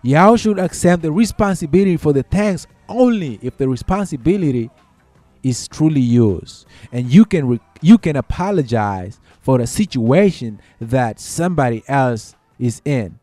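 Soft music plays behind an animated, mellow man of medium pitch who talks at a moderate pace, with no echo. A commentator, he offers conversational workplace advice, restating points, checking in with listeners, and using y'all and folks.

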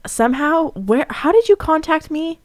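A woman's voice: sits high, moderate pace, dry recording. Giggly young woman hosting radio. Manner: giggly, slangy and animated storytelling. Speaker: radio show host. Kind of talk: casual chat. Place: radio studio.

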